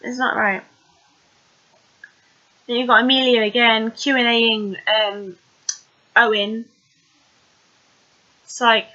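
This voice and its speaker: Bright-voiced chatty woman, lo-fi. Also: fairly high pitch, moderate pace, pauses often. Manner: chatty and rambling, many fillers. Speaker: TV episode recapper. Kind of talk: casual video recap.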